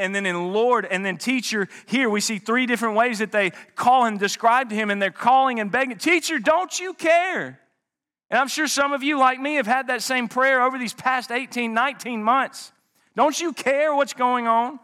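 A man preaching a sermon with passion, swinging from loud rises to hushed, quiet drops. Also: sits high. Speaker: pastor.

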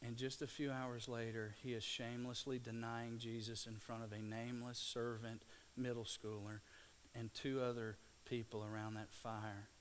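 A man from Louisiana, preaching a sermon and swinging between hushed, slow passages and loud, excited bursts. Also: mid-range voice, a little hiss or hum. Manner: dynamic, swings from hushed to shouting. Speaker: pastor.

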